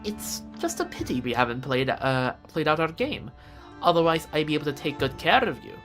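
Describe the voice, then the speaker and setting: A woman's voice: deep voice, normal speed, fairly bright tone, faint music behind. A woman playing a flirty, confident bodyguard woman. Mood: teasing. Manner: teasing, playful. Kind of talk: reading game dialogue aloud.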